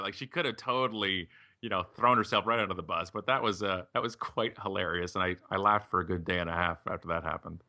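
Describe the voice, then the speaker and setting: A man's voice: lowish voice, fast talker. A middle-aged man, a podcast guest and author, chatting casually and acting out the voices of people in his stories. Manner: animated, acts out quoted voices when telling stories. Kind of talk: casual storytelling conversation.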